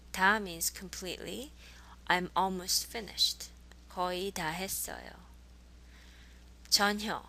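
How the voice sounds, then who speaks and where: A woman with a gravelly, bright voice teaches a language class. She says each model phrase slowly, over-enunciates it and then repeats it for her students. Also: medium pitch. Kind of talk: language lesson.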